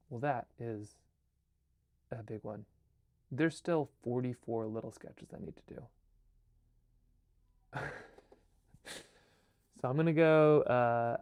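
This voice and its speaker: A soft-spoken man chats casually to camera about his art. His voice sits at a middle pitch, and he halts and restarts his sentences, sometimes sinking to a near murmur. The sound is dry and close, with no room echo. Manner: halting, with many restarts and fillers. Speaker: artist and filmmaker. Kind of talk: casual vlog chat.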